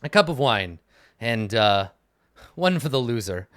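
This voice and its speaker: A man's voice: mid-range voice, sing-song, a little slow, fairly bright tone, dry recording, studio quality. A man voicing a cocky young male noble duelist in a tabletop game, teasing and playfully arrogant. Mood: mock-gallant.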